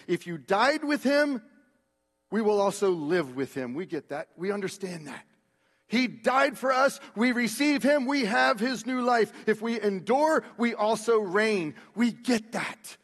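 A man preaches a sermon with a high-pitched voice. He drops to hushed, slow phrases, then builds to loud, stretched-out calls. The sound rings with the long reverb of a large church. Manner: swings from hushed, slow words to loud, drawn-out exhortation.

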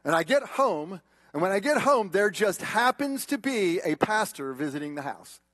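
A man preaching a sermon as pastor, swinging from loud emphatic peaks to hushed, quiet tones. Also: high-pitched, sing-song, normal speed, no room sound.

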